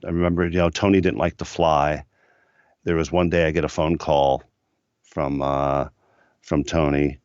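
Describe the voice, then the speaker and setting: A middle-aged man from the United States recounts his studio years in an easygoing, filler-heavy way. His voice sits low and deep. The recording is dry and a touch dull. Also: level tone, moderate pace, pauses often, darkish tone, smooth, dry recording. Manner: rambling anecdotal storyteller with many fillers. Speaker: record producer, podcast guest. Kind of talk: casual storytelling interview.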